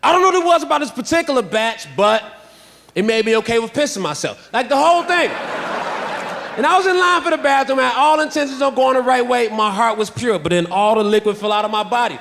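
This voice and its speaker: A man's voice: very high voice, fast talker, vocal fry, noisy background. A man comedian telling a stand-up story in a dry, understated way.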